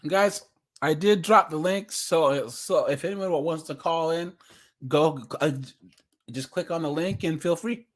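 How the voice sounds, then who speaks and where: A man's voice: fairly high pitch, a little slow. A young man from the West Coast, chatting casually on a livestream, laughing and reading chat comments aloud. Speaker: streamer reacting to videos and chat.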